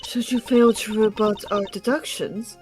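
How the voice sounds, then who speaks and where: A woman reading a stern, formal judge-prosecutor's lines aloud while streaming a game, measured and dramatic. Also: mid-range voice, fairly even intonation, darkish tone, faint music behind, close to an everyday voice. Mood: imperious.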